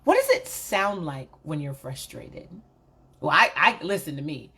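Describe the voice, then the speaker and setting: A woman with a low, husky voice delivers a reflective motivational monologue. She speaks candidly and with emphasis, addressing her viewers directly as if in conversation. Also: wildly swooping pitch, unhurried, bright, forceful tone. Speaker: motivational vlogger.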